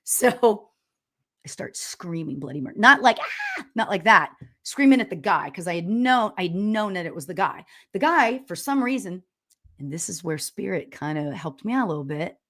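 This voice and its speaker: A middle-aged woman hosting a live stream as a spiritual medium, chatting casually and telling stories loudly with lots of laughs and "you know?". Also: fairly low pitch, moderate pace. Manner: loud, animated storyteller with frequent laughs and "you know?". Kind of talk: casual livestream chat reading viewer comments.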